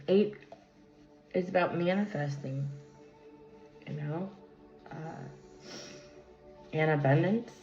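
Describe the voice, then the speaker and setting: A woman's voice: fairly low pitch, darkish tone. A woman giving a casual spiritual tarot reading, rambling and tangential, with many fillers, recorded on a phone. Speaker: tarot reader. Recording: echoey room, dull lo-fi sound, faint music.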